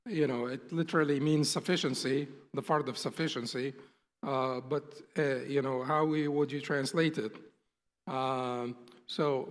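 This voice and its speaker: Man lecturing, slightly high voice, echoing hall. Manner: patient, explanatory, often rephrases and restates terms. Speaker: instructor. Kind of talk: classroom lecture.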